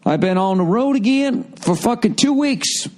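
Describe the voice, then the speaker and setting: A man in his forties with a Boston accent, his voice worn hoarse, ranting through a profane podcast monologue as a comedian host. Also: high-pitched, moderate pace. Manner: profane, ranting, animated storytelling.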